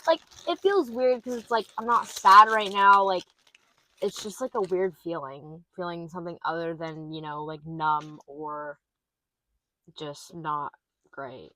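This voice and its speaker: Rambling young woman with a lowish voice. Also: unhurried, sharp tone, a little hiss or hum. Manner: rambling, trailing off, many "like" fillers. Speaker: podcast co-host. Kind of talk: casual chat.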